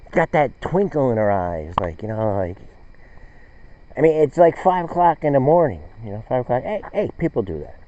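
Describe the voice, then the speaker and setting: A man's voice: mid-range voice, darkish tone, no room sound. A man hosting a show in a casual, rambling monologue, correcting himself and losing the thread. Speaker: host. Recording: dull, dry recording.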